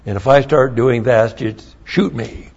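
A man's voice: mid-range voice, unhurried, vocal fry, darkish tone, highs cut off. A man preaching a verse-by-verse Bible lesson, spelling out Hebrew words letter by letter and repeating key phrases. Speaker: pastor.

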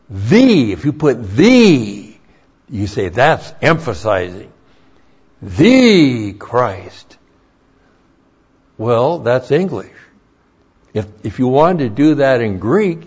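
A man teaching a Bible class as a pastor, deliberate and emphatic, pressing on key words in sermon style. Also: mid-range voice, darkish tone, breathy edge, dull audio.

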